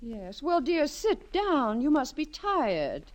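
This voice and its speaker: An actress playing a gentle, indulgent middle-aged wife in a 1940s radio sitcom. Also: female voice, high-pitched, very animated, takes it slowly, muffled recording, exaggerated voice. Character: long-suffering middle-aged wife, fond and weary. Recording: 1940s radio recording with studio audience.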